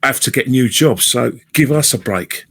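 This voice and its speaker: A man's voice: mid-range voice, animated, normal speed, gravelly, fairly bright tone, slightly rough. A man talking as a podcast guest, rambling and chatty with many restarts. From England. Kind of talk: casual podcast chat.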